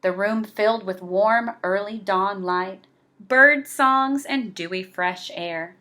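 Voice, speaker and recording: With a medium-pitched voice, a woman reads a picture book for children, going slowly and giving the words plenty of expression.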